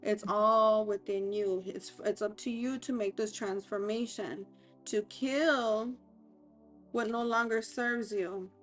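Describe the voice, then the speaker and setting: A woman reading tarot cards aloud as a life coach, talking in a hesitant, halting way with many fillers and restarts. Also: medium pitch, steady tone, soft background music.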